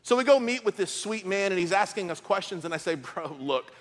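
High-voiced pastor in a reverberant hall. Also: male voice, fast. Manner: storytelling with comic asides. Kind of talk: sermon.

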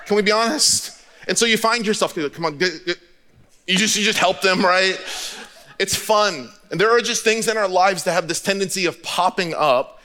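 A man's voice: high voice, normal speed, sharp tone. A middle-aged man from the United States, a pastor preaching a sermon in a candid, storytelling way. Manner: candid storytelling, conversational with repetitions.

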